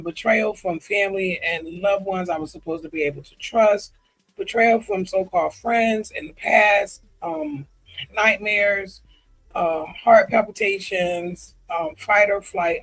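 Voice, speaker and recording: A man talking candidly in a personal vlog, earnest and confiding, often halting with ums and restarts as he reads comments aloud. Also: high-pitched, fairly bright tone, low-quality recording. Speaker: vlogger.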